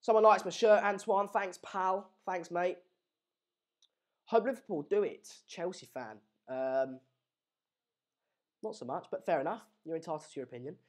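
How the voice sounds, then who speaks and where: A man's voice: sits high, normal speed, long pauses. Bantering young English man on a live stream. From England. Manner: jokey banter, rambling with fillers and restarts. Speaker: football watchalong streamer. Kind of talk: live stream chat reading comments. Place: home room in Madrid.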